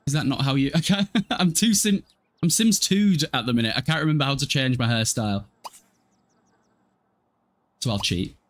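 A man's voice: medium pitch, normal speed, pauses often. A man in his twenties casually commentating a life-sim game live, chatty, swearing freely and answering chat. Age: 20s. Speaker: game streamer.

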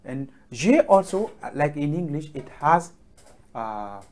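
A man teaching pronunciation, speaking slowly and haltingly with many fillers and repeated drill words. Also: a little high, big pitch swings, darkish tone. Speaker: French teacher. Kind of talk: classroom lesson on the alphabet.

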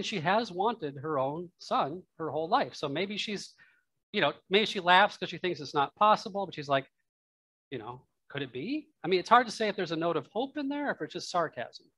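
Fairly quick and animated, a man's high, pushed, bright voice carries a church sermon with no room sound. The pastor talks it through conversationally, musing with asides and laughter.

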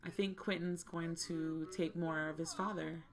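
A woman with a lowish voice and level tone hosts a life-simulation gameplay video for her gaming channel, talking at a moderate pace. She chats casually with viewers, often sounding exasperated and repeating herself.

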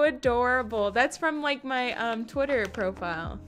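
High-voiced young woman streamer, gushing. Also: expressive, normal speed, fairly bright tone, faint music behind. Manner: gushing and effusive, swears casually. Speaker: live streamer. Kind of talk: casual chat with a live audience.

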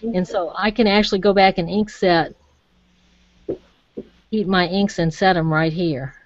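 A woman's voice: on the low side, fairly even intonation, a little slow, dry recording, highs cut off. A woman giving a chatty, encouraging live craft demonstration and talking straight to her viewers.

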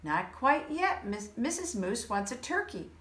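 A woman's voice: fairly high pitch, very animated, unhurried, fairly bright tone, roomy sound, pitched above the performer's own voice. A woman voicing a kindly, polite male moose who speaks sweetly, in a storybook reading. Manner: courteous, sweet-voiced.

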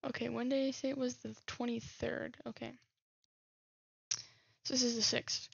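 A woman's voice: on the high side, flat delivery, moderate pace, gravelly, breathy edge. A woman streamer casually playing a phone game, reading text messages aloud and musing over them. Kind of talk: casual let's-play commentary. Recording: slightly dull lo-fi recording.

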